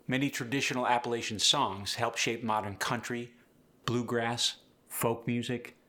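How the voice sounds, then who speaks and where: A man's voice: on the low side, pushed and bright. Upbeat man coaching accents. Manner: upbeat, chatty teaching. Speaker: dialect coach. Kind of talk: accent tutorial.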